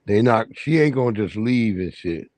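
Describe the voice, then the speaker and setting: Profane, animated man hosting a livestream. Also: fairly low pitch, normal speed, no room sound. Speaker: livestream host. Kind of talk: casual chat.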